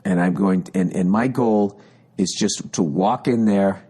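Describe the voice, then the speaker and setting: A man's voice: low voice, measured pace, mellow, husky. A man in his fifties tells a comic story on his podcast. His delivery is an exasperated rant, full of swearing and frustration. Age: 50s. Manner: profane, exasperated, ranting. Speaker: podcast host.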